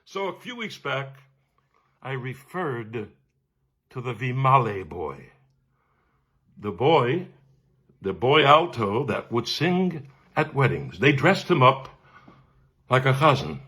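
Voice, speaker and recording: A man, a cantor telling a humorous personal story with animated delivery and frequent laughs. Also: medium pitch, takes it slowly, pauses often, husky. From Brooklyn, New York. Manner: animated, laughs often, acts out voices.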